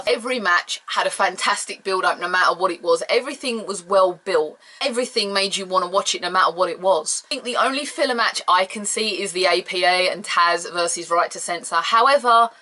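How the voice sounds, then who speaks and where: A woman's voice: medium pitch, sharp tone. A woman reviewing an old wrestling event in a casual, rambling way, gushing as a fan and apologizing for her tangents.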